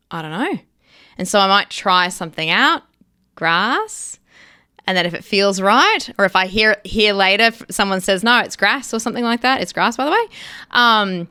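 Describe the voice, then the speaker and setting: A woman's voice: lowish voice, sharp tone, clear, resonant tone, no room sound, clean studio sound. A woman actress, a guest in an interview, talking casually and acting out little quoted voices as she explains.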